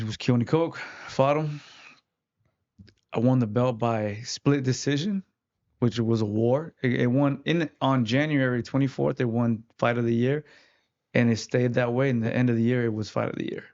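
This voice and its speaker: A man's voice: mid-range voice, steady tone, normal speed, darkish tone. Guy telling fight stories on a podcast, lots of likes, kinda dull lo-fi sound. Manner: rambling, lots of "like" fillers. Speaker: interview guest, fighter. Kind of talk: casual storytelling.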